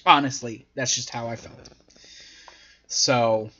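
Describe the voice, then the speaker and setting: A man's voice: medium pitch, fairly even intonation, slow pace, sharp tone, muffled recording. A man casually reviewing a wrestling show in a profane, exasperated rant.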